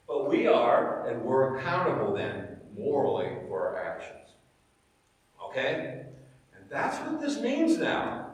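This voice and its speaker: A middle-aged man teaching Sunday school, his pitch swinging up and down as he tells stories and quizzes the class. He sounds distant, in a very echoey hall with a long reverb. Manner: animated storytelling, asks the class questions. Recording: echoey church hall, mic far away.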